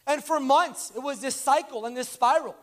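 Male preacher, unusually high voice, animated storyteller, conversational sermon. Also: normal speed. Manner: animated, acts out dialogue in stories.

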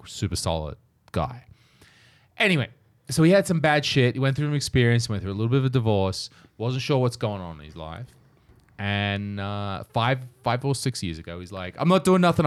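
A young man in casual chat, quick and sarcastic, swearing freely. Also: on the low side. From Australia. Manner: quick, swearing, mocking asides.

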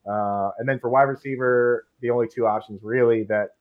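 A laid-back man with a Boston accent rambles through a casual podcast chat and says "dude" often. His pitch is ordinary, and the recording sounds slightly muffled and lo-fi. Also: steady tone, fairly quick. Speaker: podcast host.

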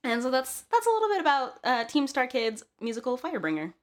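A woman's voice: high-pitched, very animated, fast. A woman in casual chat, talking loosely with frequent fillers and easy laughs.

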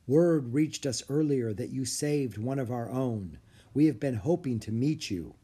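A man voicing a dignified male emperor penguin in a storybook, formal and measured. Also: medium pitch, expressive, mellow, breathy edge. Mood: solemn. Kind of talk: audiobook character voice.

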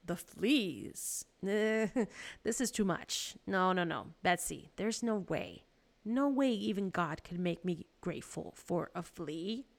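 A woman's voice: lowish voice, lively intonation, slow, creaky, heavily acted. A woman reading aloud and voicing a frightened young woman prisoner who cries out in alarm. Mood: incredulous. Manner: alarmed, exclaiming.

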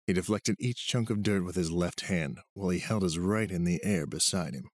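A man reading an audiobook chapter aloud as narrator, in a steady storytelling way. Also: low voice, moderate pace, no echo, studio quality. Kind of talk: scripted narration. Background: music.

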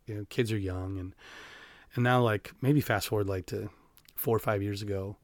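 A man in his forties, a band teacher from Iowa, talking candidly as a guest in a podcast interview, halting and reflective, with many fillers and restarts. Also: lowish voice, steady tone, no echo. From Iowa, USA. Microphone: studio podcast microphone.

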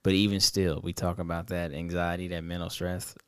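A man's voice: low voice, level tone, brisk, fairly bright tone, smooth, no echo, clean studio sound. A man co-hosting a podcast, talking thoughtfully and reflectively in casual conversation. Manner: thoughtful, reflective, searching for words. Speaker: podcast co-host.

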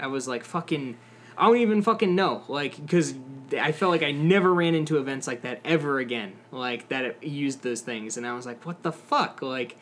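A bit of hiss or hum sits under a young man's medium-pitched, somewhat bright voice as he co-hosts a podcast. He chats casually and rambles about a video game, using many fillers and swearing.

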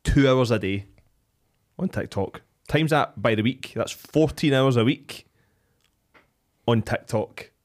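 A man's voice: medium pitch, slow, pauses often. A man, a fitness coach in a casual podcast chat, blunt and emphatic as he makes his points.

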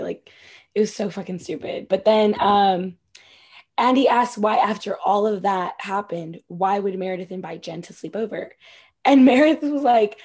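A woman with a husky, breathy voice chats through a reality-show recap. She swears freely and tells the story with lively energy, her pitch sitting in a middle range. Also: normal speed. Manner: chatty, profane, animated retelling. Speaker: podcast co-host. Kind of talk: casual reality-TV recap chat.

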